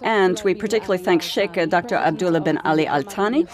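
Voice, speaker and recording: A woman's voice: lowish voice, fast, crowd noise. A woman hosting a live event, reading out a list of names with fillers and repeats. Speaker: event host.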